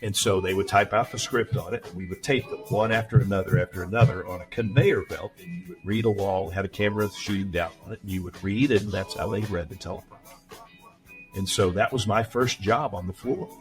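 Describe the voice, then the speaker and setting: A man's voice: deep voice, a little fast, soft background music. A man in his sixties from West Texas, a veteran news anchor telling stories from his career in a casual interview, in neutral broadcaster diction.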